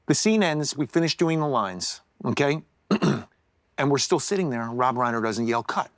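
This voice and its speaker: A middle-aged man, a podcast guest telling a story in a lively way, stumbling and repeating words as he goes. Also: mid-range voice, normal speed, no echo. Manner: animated storyteller who acts out quotes, repeats words. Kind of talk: casual storytelling in a podcast chat. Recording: dry close-miked studio sound.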